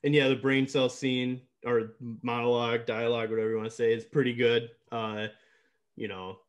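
A man's voice: medium pitch, level tone, moderate pace, muffled recording. A man co-hosting a casual movie podcast, rambling with lots of fillers and laughing often. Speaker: podcast co-host.

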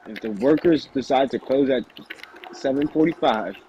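A man's voice: mid-range voice, moderate pace, warm tone, a little hiss or hum. A young man sitting with a friend who is gaming, telling a casual story in a laid-back way. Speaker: friend of the host. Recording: slightly muffled lo-fi audio.

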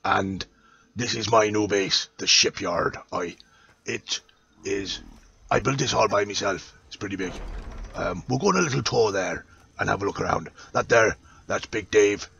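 A boastful pirate captain, as a man puts him on for a game tour, all hammy bluster and growled ayes. His sits on a low, gravelly voice. He sounds pleased with himself and loud in his jolly swagger. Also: moderate pace, highs cut off, slight background noise. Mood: jovial.

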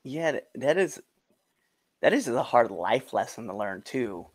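A man's voice: mid-range voice, very animated, unhurried, slightly rough, no room sound, studio quality. A man hosting a podcast interview, easygoing and friendly, laughing along with his guest. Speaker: podcast host. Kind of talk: casual interview chat.

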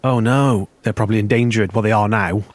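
A man talks his way through a video game in a low, relaxed voice, half muttering to himself. Every so often he jumps up into startled squeaks before dropping back to his easy running commentary. A faint hiss sits under the desk-mic sound. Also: brisk. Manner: chatty, muttering to himself, sudden high-pitched exclamations. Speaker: gameplay commentator. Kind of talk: let's play commentary.

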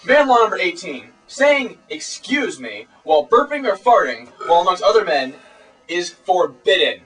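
A man's voice: sits high, animated, brisk, a bit bright, faint music behind. A teenage boy co-hosting a comedy web show, lecturing in a pompous, mock-serious way. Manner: pompous, preachy mock authority. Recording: voice distant from camera mic.

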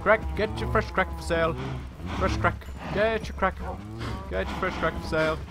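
A man's voice: high-pitched, moderate pace, gravelly, very noisy, voice pushed up. A man putting on the voice of a male street dealer calling out his wares in a sing-song hawker's call. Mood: hawking.

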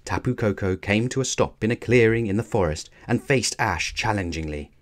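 Low-voiced man reading a children's book. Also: lively intonation, fairly quick. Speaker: storybook reader. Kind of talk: children's book read-aloud narration.

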